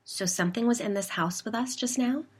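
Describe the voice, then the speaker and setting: A woman's voice: fairly high pitch, brisk, slightly rough, pitched above the performer's own voice. A woman reading a story, voicing the nervous narrator-heroine, a newcomer to the neighborhood who asks anxious, alarmed questions. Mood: uneasy.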